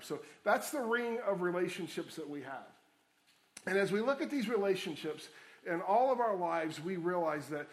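Earnest high-voiced male preacher. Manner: earnest, repeats key phrases for emphasis. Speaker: pastor. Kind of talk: sermon.

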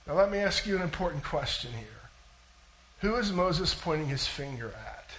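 A male pastor preaches in a notably high voice. His delivery is animated and conversational, and he keeps putting questions to his listeners. It sounds like a sermon to a congregation. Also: moderate pace, poor audio.

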